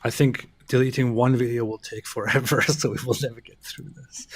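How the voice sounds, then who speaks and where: A man chatting as a guest on a livestream, playful and quick to laugh, often repeating himself. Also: mid-range voice, fairly even intonation, breathy edge. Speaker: guest friend. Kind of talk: casual livestream chat.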